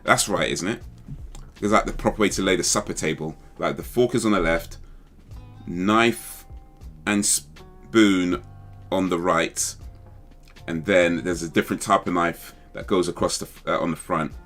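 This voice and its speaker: A man's voice: low voice, unhurried, long pauses, fairly bright tone, faint music behind. A man hosting a casual livestream chat, rambling and thinking aloud as he second-guesses himself. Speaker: livestream host.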